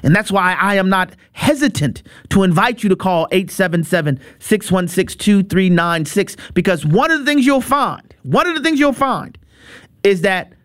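A man preaching on a radio appeal, emphatic and animated, often repeating words in quick bursts and making playful asides. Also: high voice, dry recording, studio quality.

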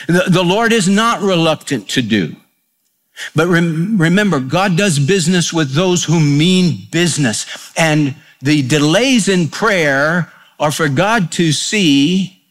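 A man preaching a radio sermon in a plain, conversational way, with folksy stories and homespun humor. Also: fairly high pitch. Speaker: pastor.

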